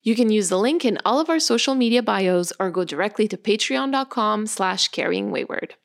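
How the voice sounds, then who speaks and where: A woman co-hosting a podcast, talking thoughtfully and in a measured way. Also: medium pitch, animated, vocal fry. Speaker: podcast co-host. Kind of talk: casual podcast discussion.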